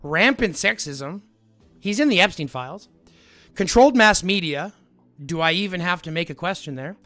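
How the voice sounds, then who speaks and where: A man's voice: sits high, expressive, moderate pace, bright, forceful tone, dry recording, faint music behind. A man arguing heatedly with his live-stream chat, lecturing and repeating his points. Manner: combative, lecturing, repeats himself.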